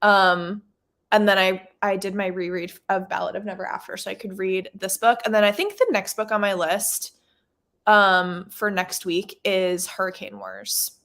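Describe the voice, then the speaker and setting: A woman's voice: medium pitch, fairly even intonation, moderate pace, gravelly, a bit bright. Bubbly young woman reading out chat msgs on a book stream, laughs a lot. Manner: bubbly, giggly, gushing. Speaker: booktube livestream host. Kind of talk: casual chat while reading chat messages.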